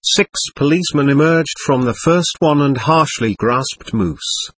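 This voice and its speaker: Husky-voiced man reading a story. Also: on the high side, unhurried, no echo. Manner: steady, expressive reading. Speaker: narrator. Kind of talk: first-person storybook narration.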